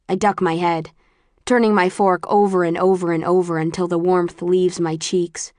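Female audiobook narrator, lower voice, measured and even, dry close sound. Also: no room sound. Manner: measured, even storytelling with quoted dialogue. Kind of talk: first-person audiobook narration.

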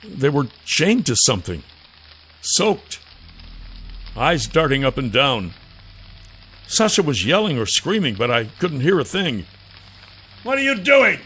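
A man narrating a first-person fantasy audiobook in a measured way. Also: medium pitch, big pitch swings, a bit bright, breathy edge.

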